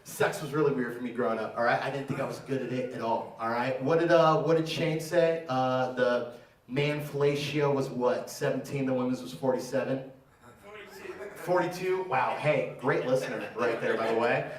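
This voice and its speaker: On a comedy theater stage, a man in his thirties performs a brash, profane stand-up set and teases the crowd. His voice is medium-pitched at a moderate pace, caught by a distant mic in an echoey room.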